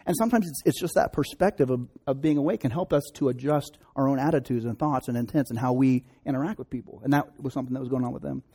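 Mellow-voiced pastor preaching conversationally. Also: male voice, mid-range voice, fast talker, hardly any pauses, husky. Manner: conversational, acts out quoted voices, drops to soft prayer. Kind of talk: sermon with storytelling and prayer.

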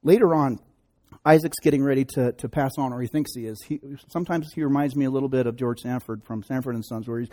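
A man's voice: medium pitch, fast talker, warm tone. A man preaching a sermon, retelling a scripture story conversationally with joking asides. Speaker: pastor.

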